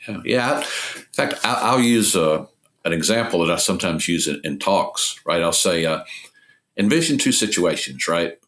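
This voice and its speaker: A man's voice: low-pitched, animated, normal speed, fairly bright tone. A man speaking as a podcast guest, earnestly explaining ideas through stories. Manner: earnest, illustrative storytelling. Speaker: podcast guest, recovery ministry founder. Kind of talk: conversational interview.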